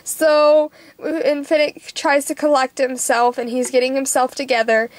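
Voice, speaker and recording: A woman's voice: high-pitched, level tone, unhurried, no room sound. A young woman vlogging a casual movie review, gushing and emotional, rambling with lots of fillers.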